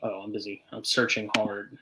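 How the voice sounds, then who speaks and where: A man's voice: lowish voice, completely flat delivery, normal speed, bright, forceful tone, rough recording. A man hosting a casual podcast, making dry laid-back remarks. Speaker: podcast host. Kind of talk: casual chat.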